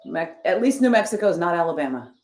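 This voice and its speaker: A woman with a deep, low voice talks casually as she reads and answers her viewers' comments. She is wry and sarcastic. The sound is roomy and echoey. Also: very animated, quick pace, a little mellow. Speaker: streamer reading chat. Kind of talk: casual chat. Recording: roomy echo.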